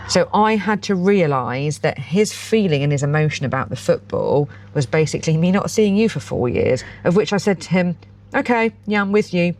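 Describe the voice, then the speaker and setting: A woman's voice: deep voice, expressive, normal speed, hardly any pauses, darkish tone. A woman in her forties, co-hosting a podcast in casual chat and telling stories with acted-out dialogue. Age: 40s. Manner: chatty storyteller who acts out quoted dialogue. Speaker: podcast co-host.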